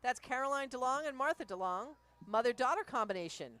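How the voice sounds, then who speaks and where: A woman with a somewhat high voice gives live rowing commentary, crisply reading out each boat's crew and club between remarks. Her delivery is brisk and informative, like an announcer working a race. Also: animated, fairly bright tone. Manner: brisk, reads out crews and clubs.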